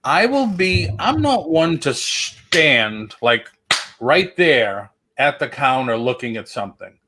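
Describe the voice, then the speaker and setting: A man's voice: a little high, very animated, slow pace, background noise. A man hosting a casual livestream chat, joking and rambling with lots of restarts. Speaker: host.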